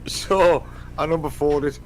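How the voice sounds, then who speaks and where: A man's voice: fairly high pitch, steady tone, a little slow, low-quality recording. A middle-aged man, hosting a casual podcast chat, rambling and swearing freely. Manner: rambling, swears often, trails off. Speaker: podcast host.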